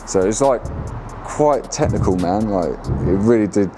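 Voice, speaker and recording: A man's voice: lowish voice, moderate pace, music in the background. An English man telling the story of a BMX build in a laid-back, slangy way, full of fillers. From England. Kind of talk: casual documentary narration.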